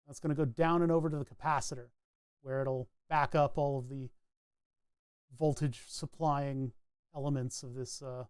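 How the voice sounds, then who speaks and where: A man's voice: mid-range voice, steady tone, moderate pace, clear, resonant tone, no room sound, clean studio sound. A man chatting casually as he solders a circuit board, rambling and narrating each step of his work. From New England. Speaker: electronics hobbyist streamer. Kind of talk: casual talk while soldering.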